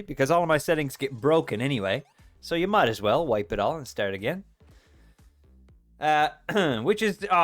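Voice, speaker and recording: A man's voice: medium pitch, a bit bright. Playful man chatting on a livestream. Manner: chatty and playful, reading chat aloud and joking. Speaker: livestream host. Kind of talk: casual chat with live viewers.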